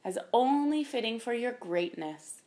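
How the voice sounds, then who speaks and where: A woman doing an oily, flattering court official. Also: fairly high pitch, moderate pace. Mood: fawning. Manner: fawning and ingratiating. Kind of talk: storybook reading.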